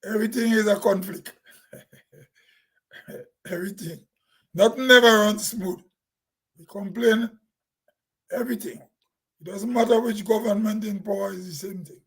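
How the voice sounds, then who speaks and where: A man's voice: high voice, steady tone, normal speed, fairly bright tone, breathy edge, poor audio. A Grenadian man talking plainly in a casual, rambling vlog monologue, laughing to himself now and then. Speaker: vlogger.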